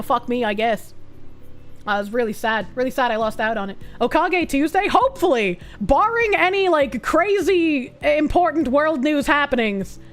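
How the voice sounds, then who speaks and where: A young woman with a Boston accent, chatting casually on a live stream, profane and excitable with bursts of yelling. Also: high voice. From Boston, USA. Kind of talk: casual live-stream chat reading comments.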